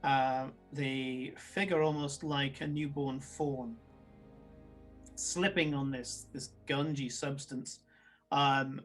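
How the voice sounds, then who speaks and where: A man narrating a tabletop game, halting with many ums and uhs. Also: mid-range voice, fairly even intonation, fairly bright tone, faint music behind.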